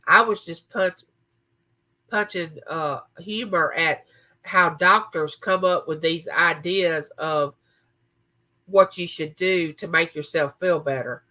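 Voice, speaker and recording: Lady chatting on her home livestream, lowish voice, bright and forward, answering comments by name. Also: slow, poor audio. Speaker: livestream host. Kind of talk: casual live chat reading viewer comments. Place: home recording room.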